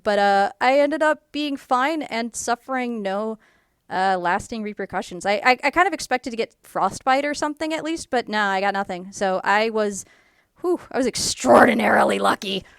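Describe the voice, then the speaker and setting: Woman rambling through a story on her channel, kinda high clear voice, dry close sound. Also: moderate pace, no room sound. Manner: rambling, full of "like" and "um", animated when quoting people. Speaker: YouTuber. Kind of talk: casual storytelling to camera.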